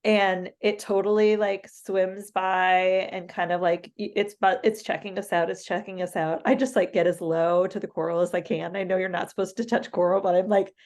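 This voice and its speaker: Woman podcast co-host; animated, laughing storyteller, ordinary mid-range voice. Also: medium pitch, moderate pace, hardly any pauses. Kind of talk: casual storytelling.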